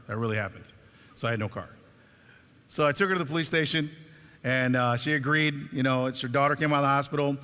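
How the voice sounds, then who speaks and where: A man giving a stage talk, telling a story in an animated way and acting out the dialogue, in a reverberant hall. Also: mid-range voice, fast, smooth. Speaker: speaker at a talk.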